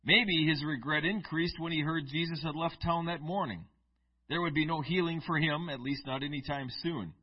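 Husky-voiced male pastor preaching. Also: fairly high pitch, moderate pace, lo-fi sound. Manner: reads scripture in King James style, then preaches conversationally with asides. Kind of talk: sermon with scripture reading.

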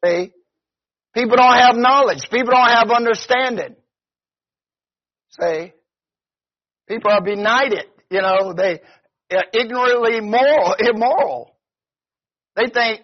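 Slow husky-voiced preacher man. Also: extremely high pitch, animated. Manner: conversational preaching, repeats "see?". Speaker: pastor. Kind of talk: sermon. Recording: dull lo-fi recording.

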